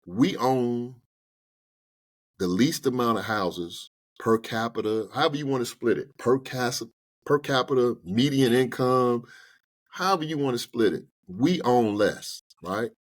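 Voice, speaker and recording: Here a man with a mid-range voice takes his time, sharing personal finance advice in a casual podcast studio conversation. He's lively and colloquial, playing out small exchanges with banks as he goes.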